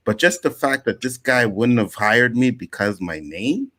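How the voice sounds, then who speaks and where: A man's voice: mid-range voice, measured pace. A man from Nova Scotia, Canada, telling stories on a casual panel show and acting out other people's lines as he goes. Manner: animated storyteller, acts out other people's lines.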